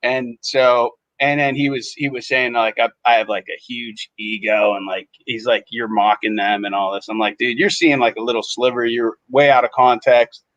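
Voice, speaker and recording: A man's voice: medium pitch, fairly even intonation, moderate pace, few pauses, a bit bright, dry recording. A man, a podcast co-host, telling a story in casual chat and acting out other people's lines in shifting voices. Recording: dull lo-fi sound.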